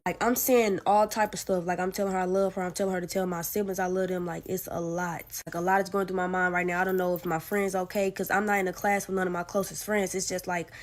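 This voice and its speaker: A woman's voice: lowish voice, flat delivery, quick pace, hardly any pauses. Late-teen woman, casual storyteller, informal delivery with lots of fillers, vivid retelling of her own experience. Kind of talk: casual first-person storytelling.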